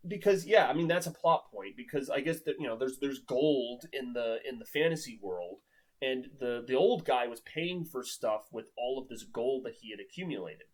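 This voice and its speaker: A man's voice: medium pitch, a little mellow, poor audio. Exasperated man ranting with sarcasm. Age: 30s. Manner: exasperated, sarcastic, swears often, says "like" a lot. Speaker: book reviewer. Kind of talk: casual ranting review.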